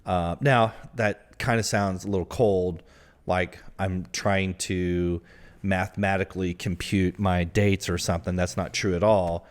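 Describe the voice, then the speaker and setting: A man's voice: sits low, fairly even intonation, measured pace. A man from the American Midwest co-hosting a podcast, chatting candidly and a little self-deprecatingly about his dating life. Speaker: podcast co-host. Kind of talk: casual chat.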